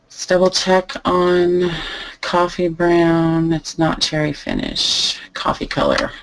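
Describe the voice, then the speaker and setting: A woman teaching a live online lesson, calmly thinking aloud as she types through each step. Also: fairly low pitch, slow, low-quality recording. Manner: relaxed, thinking aloud while typing. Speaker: online selling instructor. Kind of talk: live screen-share tutorial.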